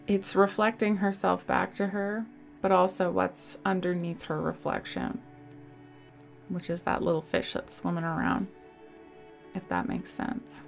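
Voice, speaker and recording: A woman giving a casual tarot reading into a desk microphone, soft and reassuring, with sighs and small laughs. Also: mid-range voice, creaky. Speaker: tarot reader.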